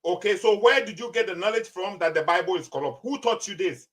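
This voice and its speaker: A man's voice: high voice, animated, brisk, a bit bright. A man in a heated religious debate, pressing his opponent and repeating his questions insistently.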